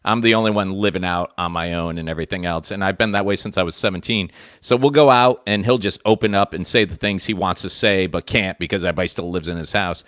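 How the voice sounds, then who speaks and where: A man in his thirties co-hosting a radio comedy show, telling family stories in a relaxed, conversational way. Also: deep voice, fast talker, no room sound, clean studio sound. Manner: relaxed, conversational storyteller who voices his dad. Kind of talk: casual comedic chat. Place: radio studio.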